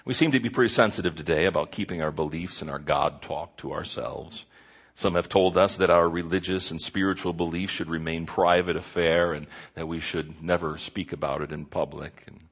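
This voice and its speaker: A man delivers an earnest sermon in a low voice, his words rough and gravelly. He leans on repeated phrases as he preaches and leads the prayer, with a husky edge throughout. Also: moderate pace. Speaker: pastor.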